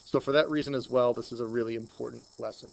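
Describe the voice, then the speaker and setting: A man with a Long Island accent teaching a math lesson, chatting and thinking out loud as he works through problems. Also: mid-range voice, fairly even intonation, fast, gravelly, highs cut off, slight background noise. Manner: chatty, thinks aloud while working problems. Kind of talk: screen-recorded math lesson.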